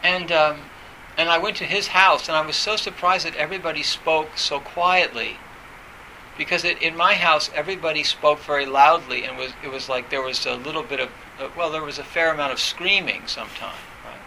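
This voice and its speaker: Gravelly, bright-voiced halting man. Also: fairly high pitch, a little hiss or hum, low-quality recording. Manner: hesitant, halting, many fillers and restarts. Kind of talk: reflective talk on meditation.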